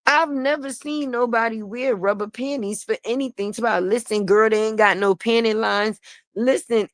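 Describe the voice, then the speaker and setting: An online commentator with a somewhat high voice gossips casually on a livestream, blunt, sassy, and freely profane, laughing often. The audio is close and dry, without any room echo.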